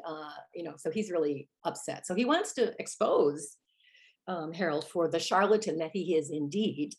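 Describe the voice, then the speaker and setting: A woman with a slightly low-pitched voice tells a backstage story in a relaxed interview. She is an actress from musical theater, and she slips into the voices of the people she quotes. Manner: animated, acts out the lines she quotes.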